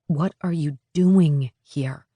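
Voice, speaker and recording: A woman's voice: low-pitched, takes it slowly, mellow, no room sound. A woman voicing a polite, restrained young bride-to-be in an audiobook, in a dry recording. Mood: tense.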